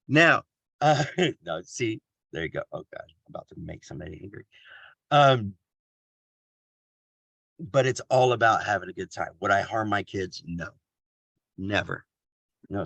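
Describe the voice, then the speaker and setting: A man's voice: lowish voice, normal speed, creaky, long pauses, fairly bright tone, slightly rough, dry recording. A man from Kansas giving a casual motivational talk on a video call, joking at his own expense and laughing often.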